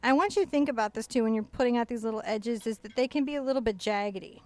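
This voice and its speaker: A woman's voice: on the high side, fast, darkish tone. A woman hosting a live painting tutorial, chatty and playful, guiding step by step. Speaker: painting instructor and host. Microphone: new headset-style mic.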